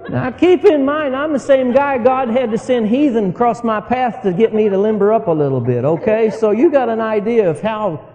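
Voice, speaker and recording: A man's voice: sits high, normal speed, in a large hall, lo-fi sound, some chatter behind. A man preaching a sermon as a folksy story, often chuckling as he talks. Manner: folksy, animated, laughs while telling his story.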